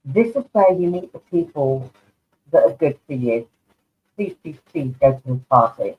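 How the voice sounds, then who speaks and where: A woman's voice: low-pitched, expressive, moderate pace, soft background music. A woman reads tarot cards for viewers during a live online session. She is chatty and affectionate and calls people darling. Her voice comes through narrow and tinny, like a phone line. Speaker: tarot card reader. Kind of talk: live online card reading. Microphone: online video stream.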